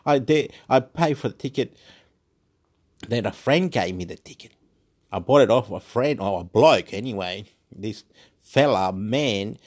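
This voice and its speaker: A man from Chile, a native Spanish speaker living in Australia, rambles excitably and profanely in a monologue, repeating words and bursting into chants. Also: lowish voice, unhurried. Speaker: vlogger. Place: Wollongong, Australia.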